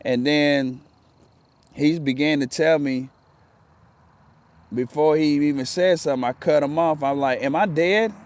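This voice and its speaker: A man's voice: fairly high pitch, steady tone, measured pace, pauses often, darkish tone, smooth. A man telling a personal story in a casual, earnest way, often repeating himself for emphasis.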